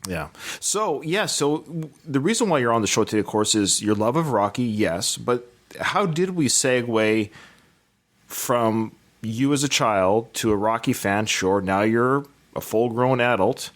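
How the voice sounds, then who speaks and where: A man's voice: mid-range voice, expressive, measured pace. A man in his thirties hosting a podcast interview, chatty and enthusiastic, rambling with restarts. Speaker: podcast host. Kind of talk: casual interview chat.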